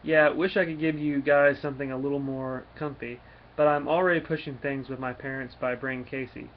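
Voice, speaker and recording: A man's voice: medium pitch, fairly even intonation, brisk, natural voice. A man reading aloud the lines of an apologetic young woman hosting friends, in a plain everyday voice, on a dull lo-fi recording with faint noise. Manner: plain read-aloud delivery.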